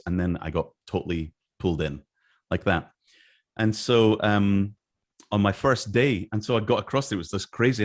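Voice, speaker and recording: A middle-aged man from Scotland, telling stories in a casual interview and acting out what others said. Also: lowish voice. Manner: animated, acts out quoted voices. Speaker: interview guest. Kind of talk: casual storytelling.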